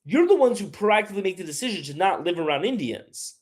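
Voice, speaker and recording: Animated, opinionated male livestreamer. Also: high voice, fast. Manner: rambling, opinionated, reads chat aloud. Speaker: livestream host. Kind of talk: casual live chat.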